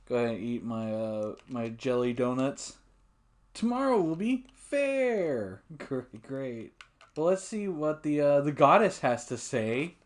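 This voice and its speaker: Male let's-play host, mid-pitched, relaxed rambling commentary with frequent swearing. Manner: relaxed, rambling, swears often, laughs at himself. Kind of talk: casual gameplay commentary.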